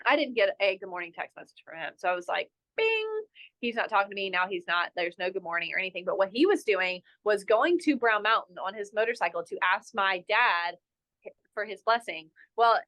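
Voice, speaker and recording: A young resort general manager from North Carolina, guesting on a podcast, tells a story in an animated, self-mocking way, sprinkling "like" throughout. Her voice sits in the mid range, and the talk is casual interview storytelling.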